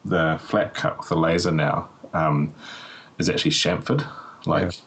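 A man's voice: low voice, fairly even intonation, unhurried, a bit bright, poor audio. A man with a slightly sick voice chatting casually on a podcast, telling a story with lots of fillers and laughs. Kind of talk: casual chat.

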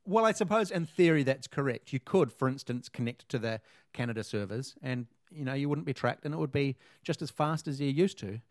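A man's voice: medium pitch, expressive, fairly quick, few pauses, dry recording, clean studio sound. A man, co-hosting a casual chat and rambling with lots of fillers and restarts. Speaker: podcast co-host.

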